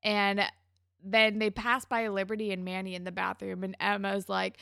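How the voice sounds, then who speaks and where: A woman's voice: medium pitch, fairly even intonation, normal speed, vocal fry, fairly bright tone, no room sound, clean studio sound. A woman co-hosting a podcast, retelling a TV episode in casual chat and acting out the characters' lines. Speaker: podcast co-host.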